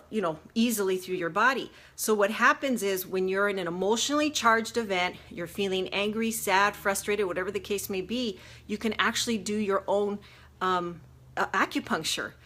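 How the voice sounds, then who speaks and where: A life coach with a grown daughter gives an earnest, chatty self-help talk over a phone or webcam livestream. She explains things step by step with plenty of fillers and restarts, in a mid-range, fairly bright voice.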